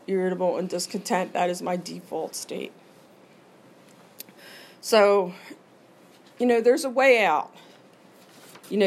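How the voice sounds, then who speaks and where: A woman's voice: mid-range voice, a little mellow. A middle-aged woman speaking at a recovery meeting, telling her own story in a candid, earnest way and acting out her inner voice. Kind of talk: personal recovery share.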